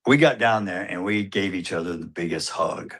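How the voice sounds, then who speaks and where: A man's voice: low voice, moderate pace, a bit bright. A man telling a hunting story as a father, recounting it vividly and acting out the exchanges. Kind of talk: recorded storytelling.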